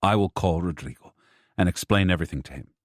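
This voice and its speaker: A man reading a steady, practical young husband. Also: low-pitched, fast, no room sound, clean studio sound, lightly acted.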